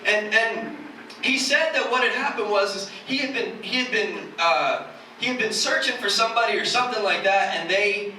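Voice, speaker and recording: A young man preaches in a loose, self-mocking way, his voice high and ringing bright. He is picked up from a distance, so the church hall's echo rings around every word. A faint hum sits underneath. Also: moderate pace. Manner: joking, conversational, self-mocking. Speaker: church speaker. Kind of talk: casual sermon. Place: church hall. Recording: echoey hall from far off.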